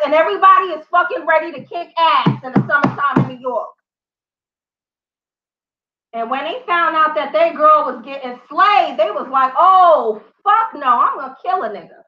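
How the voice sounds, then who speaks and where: A young woman giving crude, profanity-filled commentary on a news story, telling it in an animated way. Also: sits high. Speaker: vlogger. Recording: roomy, slightly dull home recording.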